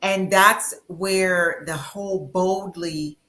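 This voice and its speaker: A woman's voice: on the low side, steady tone, slow, pushed and bright. A woman hosting an interview, talking in an emphatic, motivational way and often checking in with "right?". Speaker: interview host. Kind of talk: conversational interview.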